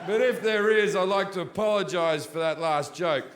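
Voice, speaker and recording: A man's voice: high-pitched, moderate pace. A man doing a stand-up comedy set on stage, brash and crude, mocking his targets with punchlines. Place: large theater with audience. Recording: roomy live hall, audience noise.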